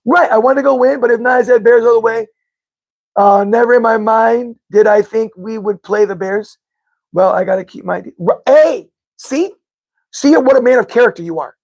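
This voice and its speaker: Husky rambling sports-fan man. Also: very high-pitched, normal speed, a little mellow. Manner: rambling, repeats himself, self-correcting. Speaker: podcast host reading live chat. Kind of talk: casual live-stream fan talk.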